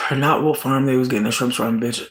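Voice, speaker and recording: A livestream host chatting casually, animated and profane, breaking into high, laughing shouts. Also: normal speed. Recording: roomy echo.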